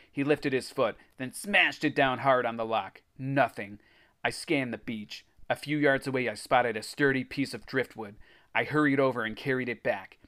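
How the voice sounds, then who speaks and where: A man's voice: mid-range voice, a bit bright. A man hosting a podcast, reading a children's horror story aloud and breaking off for laughing, swearing asides. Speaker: podcast host.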